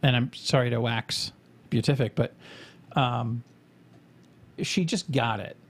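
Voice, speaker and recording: A man's voice: medium pitch, slow pace, slightly rough. A man co-hosting a podcast, chatting casually in a rambling, profane, joking way. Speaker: podcast co-host.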